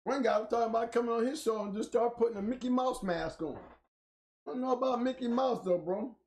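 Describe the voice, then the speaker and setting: A man co-hosting a casual talk show, joking and teasing in slangy banter, his voice a bit rough. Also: very high-pitched, fast talker, a little mellow. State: voice sounding rough. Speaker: co-host.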